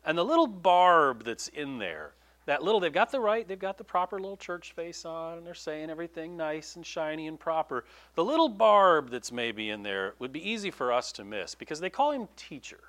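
Animated preacher with a lively voice. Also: male voice, on the high side, moderate pace. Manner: animated, conversational preaching with asides. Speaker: pastor. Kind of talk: sermon.

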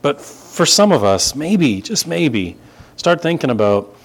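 Male pastor delivering a sermon with animated, expressive delivery. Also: fairly high pitch, measured pace. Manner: animated preaching with scripture reading.

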